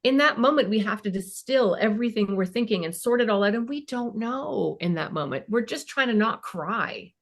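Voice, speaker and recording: A woman's voice: on the high side, expressive, moderate pace, few pauses. A woman in her fifties, a child and family therapist, talking casually as a podcast guest and acting out bits of parent and teen dialogue.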